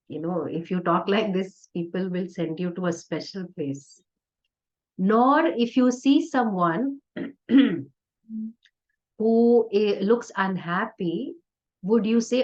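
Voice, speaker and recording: A woman spiritual teacher giving a conversational, playful discourse with soft laughs. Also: medium pitch, takes it slowly, pauses often. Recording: dull lo-fi recording.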